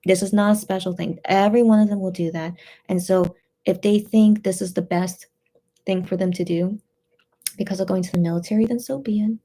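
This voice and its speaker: A tearful woman hosting a casual livestream, reading out chat messages in a subdued, hesitant way with many pauses and fillers. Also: mid-range voice, steady tone, warm tone.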